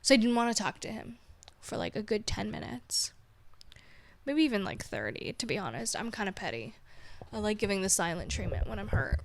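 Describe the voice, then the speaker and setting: A woman's voice: mid-range voice, sing-song, fairly quick, slight background noise. A woman hosting her own podcast, chatting casually in a rambling, self-mocking way and laughing often. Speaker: podcast host. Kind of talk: casual solo chat.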